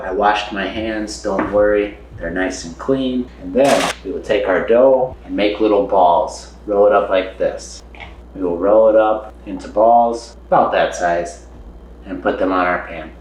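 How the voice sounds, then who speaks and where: A man's voice: low voice, echoey room, slight background noise, low-quality recording. A man hosting a casual cooking vlog, cheerfully talking viewers through a recipe in his home kitchen. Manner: upbeat, addresses viewers directly.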